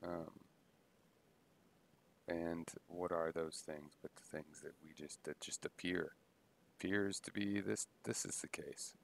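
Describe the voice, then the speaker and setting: Slow, gravelly low-voiced man musing. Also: fairly even intonation, fairly bright tone, slight background noise. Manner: halting, many restarts and pauses, thinking aloud. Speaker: video blogger musing on philosophy. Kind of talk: unscripted philosophical monologue.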